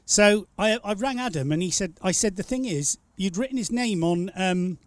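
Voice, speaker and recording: A high-pitched man hosts a casual live stream, a teasing storyteller who rambles on. The sound is dry and close, with no room to it. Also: lively intonation, moderate pace, no echo. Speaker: stream host. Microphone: studio mic.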